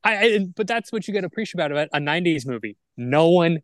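A man co-hosting a film podcast in casual chat, animated and opinionated, arguing his points like the lawyer he is. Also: a little high, quick pace, no echo.

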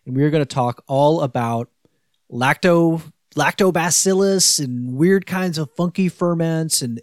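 A man's voice: mid-range voice, no room sound. A man from New Jersey hosting a podcast, chatting enthusiastically with his guest and often restarting his sentences. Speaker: podcast host. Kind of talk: casual interview chat.

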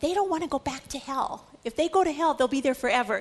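Woman, high voice, Bible lecture, expressive storytelling, dramatic asides. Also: quick pace. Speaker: Bible teacher.

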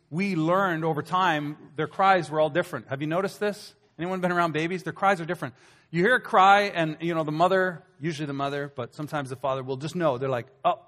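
Middle-aged male pastor, chatty and animated sermon delivery, slightly high voice, hall echo. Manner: conversational, animated storytelling with acted asides. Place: church hall. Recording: long hall reverb.

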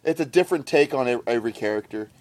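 A man rattles along at a fast clip, swearing and joking as he plays trivia with friends. His tone stays loose and teasing throughout. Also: medium pitch, over a noisy crowd. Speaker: trivia player. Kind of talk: casual game chat.

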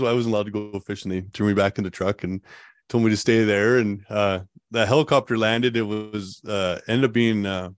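A man's voice: fairly low pitch, dry recording, clean studio sound. Laid-back man telling a story. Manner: relaxed, rambling, laughs often, many fillers. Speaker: guest telling a survival story. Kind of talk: casual storytelling interview.

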